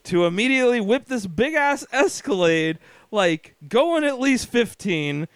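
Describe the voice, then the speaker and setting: Lively, high-voiced man. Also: a little slow, smooth, no echo. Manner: animated, profane, laughing. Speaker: podcast co-host. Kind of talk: casual chat, storytelling.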